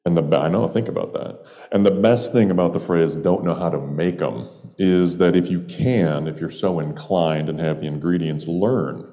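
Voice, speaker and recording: A man's voice: low-pitched, normal speed, dark tone, long reverb tail. A man from upstate New York telling a humorous personal story in a wry, meandering way with playful digressions. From Jamestown, New York, US.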